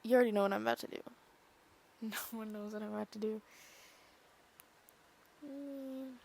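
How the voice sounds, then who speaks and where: A woman's voice: on the high side, normal speed, vocal fry, a little mellow, a little hiss or hum. A young woman chatting casually on her own podcast, rambling and gushing with many fillers, sometimes dropping to a whisper. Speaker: podcast vlogger. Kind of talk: casual chat.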